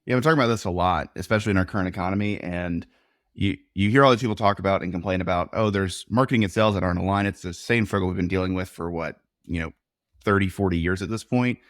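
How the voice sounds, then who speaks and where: A man's voice: sits low, fast, fairly bright tone, no echo, clean studio sound. A man being interviewed as a podcast guest, explaining his views in a confident, direct way. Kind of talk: conversational interview.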